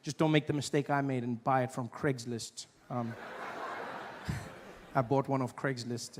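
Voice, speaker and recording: A young man from Africa, performing an animated stand-up routine in a live venue and breaking into shouted voices. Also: medium pitch, in a large hall, slight background noise. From South Africa. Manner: animated, acts out voices with sudden shouts and laughs. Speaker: stand-up comedian. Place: live comedy venue with audience.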